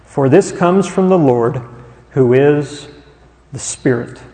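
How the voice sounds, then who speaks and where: Pastor preaching in an echoing hall. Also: male voice, fairly high pitch, warm tone. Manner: rhetorical questions, pauses on listed words. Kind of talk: sermon.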